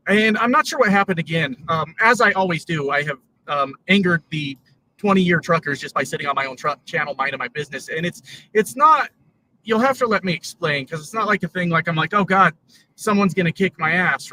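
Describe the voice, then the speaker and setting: Man vlogging from a truck cab, rambling, higher voice, far from the mic, road noise. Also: bright, forceful tone. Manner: rambling, lots of fillers. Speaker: trucker YouTuber. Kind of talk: casual vlog while driving.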